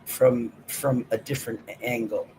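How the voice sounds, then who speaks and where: Slow, emphatic male co-host. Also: medium pitch, steady tone, very noisy. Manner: repetitive, emphatic, restarts his sentences. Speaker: livestream co-host. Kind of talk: casual livestream chat.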